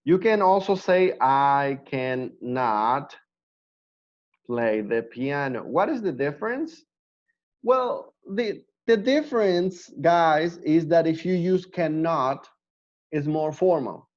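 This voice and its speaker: A male English teacher, talking slowly and patiently as he drills pronunciation in an online class. His speech is unhurried and repetitive. The sound is dull and lo-fi, like a laptop call. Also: high-pitched, a little mellow.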